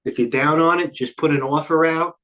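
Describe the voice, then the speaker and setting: Breathless, fast-talking trading host. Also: male voice, a little high, fairly even intonation, bright, forceful tone. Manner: rapid, scattered, jumps between tickers. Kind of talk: live market commentary.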